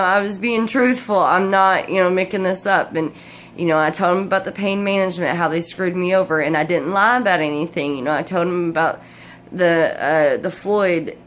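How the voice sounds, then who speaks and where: A tired vlogger, drowsy from medication, gives a casual personal update to camera, rambling with many restarts. Her voice is on the low side, with a little hiss or hum in the recording.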